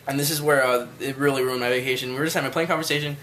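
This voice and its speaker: A man's voice: mid-range voice, steady tone, very fast, a bit bright, slight background noise. A man telling a rambling, casual story to his viewers, with loose phrasing and frequent swearing. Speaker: vlogger.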